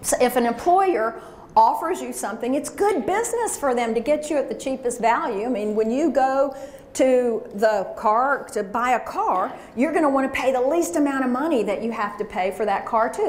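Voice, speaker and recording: Leading a live career workshop, a woman with a high, expressive, darkish voice speaks at normal speed, emphatically coaching and having the audience repeat phrases. There's a roomy echo and a little background noise.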